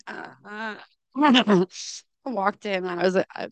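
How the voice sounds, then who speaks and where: A middle-aged woman giving candid personal testimony at a recovery meeting, halting and restarting as she quotes her own self-talk. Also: fairly high pitch, a bit bright, clean tone, no room sound. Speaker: recovery program member sharing her story.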